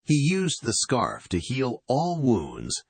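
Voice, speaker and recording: A man narrating a bedtime story calmly, switching into voices for the characters. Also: mid-range voice, takes it slowly, creaky, slightly rough, no echo. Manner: calm storytelling with acted voices.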